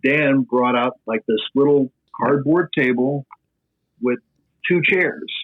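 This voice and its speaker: A middle-aged man with a Midwestern American accent, a sports broadcaster telling an animated anecdote on a podcast, tossing in fillers as he goes. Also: medium pitch, slow pace. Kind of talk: podcast storytelling. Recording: tinny phone-like line.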